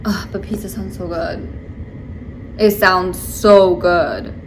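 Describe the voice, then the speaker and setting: A woman's voice: lowish voice, fairly even intonation, takes it slowly, slight background noise. A young woman vlogging to camera, venting in a rambling way with lots of fillers. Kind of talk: casual chat to camera.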